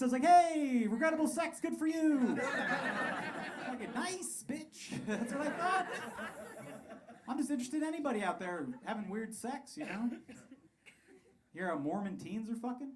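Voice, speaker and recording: A man in his thirties doing a crude, animated stand-up set on a comedy club stage, laughing through his punchlines. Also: extremely high pitch, a little fast. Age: 30s. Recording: live club recording, crowd and room noise.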